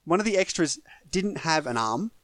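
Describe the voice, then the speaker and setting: A man's voice: on the high side, big pitch swings, normal speed, fairly bright tone, no echo. An Australian man co-hosting a casual film review podcast, chatty and joking. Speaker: podcast co-host.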